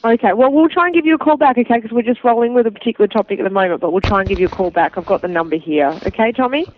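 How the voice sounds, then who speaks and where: An Australian woman answering calls at a radio station, polite and brisk as she takes a caller's details. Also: on the high side, expressive. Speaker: radio station call screener. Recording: tinny phone line.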